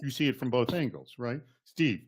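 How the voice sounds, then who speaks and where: A man hosting a live webcast, talking in a lively, rambling way and correcting himself as he goes. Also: medium pitch, moderate pace, slightly rough. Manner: energetic, rambling, self-correcting. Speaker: host.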